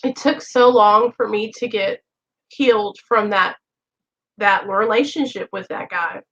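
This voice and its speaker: A woman's voice: mid-range voice, unhurried, a bit bright. A woman hosting a recovery livestream, talking earnestly and emotionally straight to her viewers. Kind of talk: heartfelt direct-to-camera talk. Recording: dull lo-fi recording.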